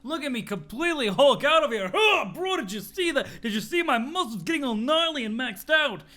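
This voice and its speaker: In a gusto-filled storybook reading, a male reader voices a brash, muscle-obsessed young man who is loud and pushy. Using a high, swooping, bright voice with lively intonation, brisk and heavily acted, he has the character bellow for attention, boss people around, brag nonstop, and choke back his own swearing mid-word.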